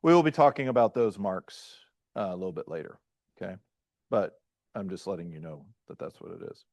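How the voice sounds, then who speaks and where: A man who is a pastor, teaching a class in a halting lecture style and often checking in with "right?" and "okay?". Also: low voice, very animated, a little mellow, no echo. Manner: halting, restarts mid-phrase.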